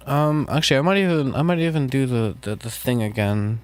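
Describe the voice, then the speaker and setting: Man, casual live-stream chatter, jokey, relaxed, talking while producing. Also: mid-range voice, moderate pace, no room sound. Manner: relaxed, jokey, talks to chat while working.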